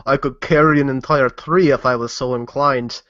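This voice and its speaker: A man's voice: medium pitch, fairly even intonation, normal speed, fairly bright tone, dry recording, natural voice. A man voicing a boastful, proud warrior shield maiden who speaks in blunt, broken sentences. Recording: dull, dry lo-fi recording.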